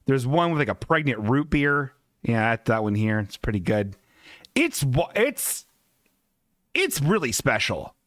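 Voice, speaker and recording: In a dry, studio-quality recording, a man with a medium-pitched voice and measured pace hosts a comedy show. He riffs on images in a casual, animated way, dropping lots of giggling asides.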